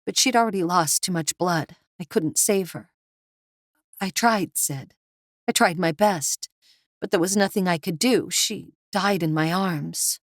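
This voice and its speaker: A terrified young mother, tearful and shaking, voiced by a woman narrator. Her dry, close audiobook voice pitches up in panic. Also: a little slow, no room sound. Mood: shaken. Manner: screaming, high-pitched with panic.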